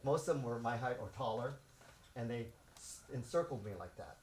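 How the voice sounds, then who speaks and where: A man in his sixties who grew up in Los Angeles, a martial arts instructor telling stories to his students and acting out the shouts, laughing often. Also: mid-range voice, fast. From South Central Los Angeles. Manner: animated, acts out shouts and quotes, laughs often. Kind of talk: storytelling to students.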